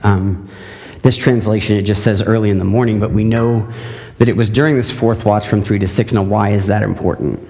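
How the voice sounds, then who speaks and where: A man, a pastor, giving a conversational sermon with a scripture reading, often pausing with fillers and restarts. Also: fairly low pitch, vocal fry, mellow, in a large hall.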